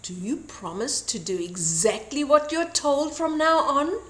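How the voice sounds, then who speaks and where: A woman's voice: high-pitched, unhurried, a bit bright. A woman voicing a smug, bossy little boy in a storybook reading, teasing and matter-of-fact. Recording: roomy echo.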